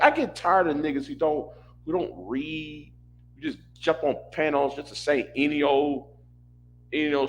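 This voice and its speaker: A man's voice: medium pitch, a bit bright. Exasperated man ranting with restarts. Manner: exasperated, repetitive, stumbling restarts. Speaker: commentator reacting to a panel stream. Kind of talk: casual rant.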